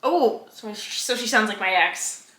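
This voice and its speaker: A woman's voice: mid-range voice, animated, unhurried, fairly bright tone, reverberant. A woman co-hosting a book podcast, dropping blunt, teasing remarks in casual chat. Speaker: podcast co-host.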